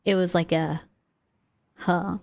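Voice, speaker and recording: A woman's voice: medium pitch, moderate pace, darkish tone. A woman streaming live, chatting casually and reacting to her chat's messages. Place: lives in the United States.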